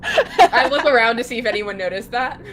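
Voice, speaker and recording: Woman player at a tabletop game, kinda high voice, laughs, stumbles over words. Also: brisk, faint music behind. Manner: excitable, laughing, hesitant restarts.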